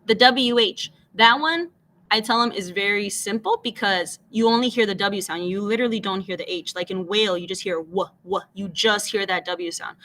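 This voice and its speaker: A woman's voice: mid-range voice, pushed and bright, slight background noise. A woman teacher patiently explaining phonics, switching between English and Spanish and modeling each letter sound aloud. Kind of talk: bilingual classroom phonics explanation.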